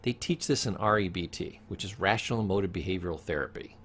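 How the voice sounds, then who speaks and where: A man's voice: sits low, fast, a bit bright, a little hiss or hum. A man teaching a recorded psychology course, who speaks emphatically, repeats his key points and asks the listener questions.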